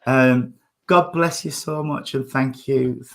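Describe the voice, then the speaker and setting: Guy doing medium readings at a church service, soft and halting, lots of ums. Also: mid-range voice, steady tone, vocal fry. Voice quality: soft-spoken, emotional, hesitant with many fillers.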